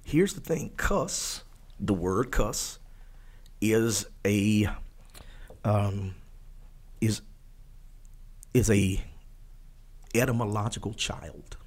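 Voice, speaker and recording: A man's voice: fairly low pitch, drawn-out words, long pauses, darkish tone. A man from Texas, co-hosting a casual faith podcast in a folksy, emphatic way. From Port Arthur, Texas. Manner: folksy, emphatic, wordplay-loving. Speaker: podcast co-host.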